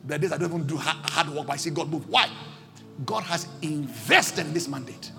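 Fiery Nigerian pastor, high and gravelly. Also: male voice, brisk, pushed and bright, faint music behind. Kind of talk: sermon. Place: church service.

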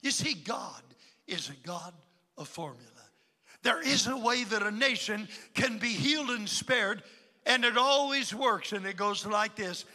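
An older man preaches a sermon in a big church auditorium, his voice high and piercingly bright. He jumps from loud, emphatic declarations to quiet, confiding asides. The sound carries a long reverb from the hall. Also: lively intonation, a little slow. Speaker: pastor.

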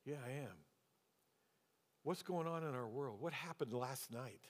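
A man with a mid-range voice preaches a touch slowly, relating a story from his own experience and then pushing the congregation with rhetorical questions. It's a sermon, recorded with a long reverb from the hall.

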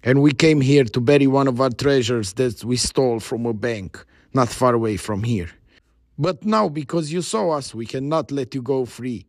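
A man's voice: mid-range voice, normal speed, darkish tone, dry recording, clean studio sound, natural voice. A man voicing a jovial, stocky male pirate chief in a spoken story, hearty and boastful.

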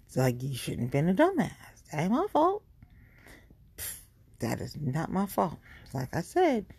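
Woman podcaster, blunt and profane, warm low voice, dry close sound. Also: gravelly, husky, no echo. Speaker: podcast host. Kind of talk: casual ranting monologue.

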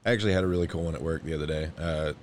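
A man's voice: rumbling low, steady tone, rapid-fire, a little hiss or hum. A man co-hosting a podcast in casual chat, telling a story in a laid-back way with casual swearing and small chuckles. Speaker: podcast co-host.

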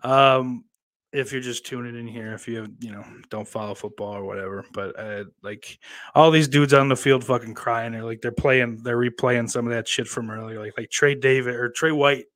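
A young man hosting a live stream in a loose, rambling way, cursing constantly. His delivery swings between loud ranting outbursts and low, subdued mumbling. His voice sits at an ordinary middle pitch for a man. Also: fairly even intonation, normal speed. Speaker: streamer host. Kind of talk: casual live-stream commentary.

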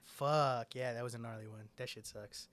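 A man's voice: medium pitch, fairly even intonation, moderate pace, a bit bright. A man in casual chat with a friend, rambling, swearing often and filling his talk with "like". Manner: rambling, swears a lot, fills with "like".

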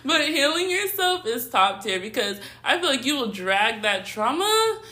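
A woman's voice: high-pitched, big pitch swings, normal speed, sharp tone. A young woman co-hosting a casual podcast, chatting and laughing often. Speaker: podcast co-host. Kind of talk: casual chat.

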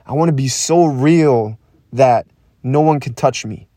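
A young man hosting a podcast, talking in a raw, intense monologue that swears a lot, repeats itself and pauses to breathe. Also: medium pitch, warm tone, no echo, clean studio sound. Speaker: podcast host.

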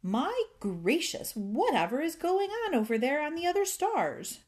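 A woman's voice: fairly high pitch, very animated, measured pace, a little mellow, breathy edge, full character voice. A woman voicing a kind but nervous ancient male fairy in a storybook, with fussy, fretful exclamations. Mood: alarmed. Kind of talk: storybook character voice.

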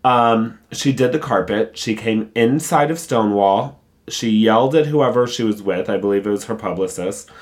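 Low-voiced man reading gossip aloud. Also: normal speed. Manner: candid, opinionated, conversational asides. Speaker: pop culture commentator. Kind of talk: reading a gossip article aloud, then casual commentary.

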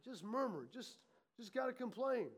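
Man, pastor, sermon, very high-pitched, animated preaching. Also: normal speed. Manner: animated preaching, acts out muttering complaints.

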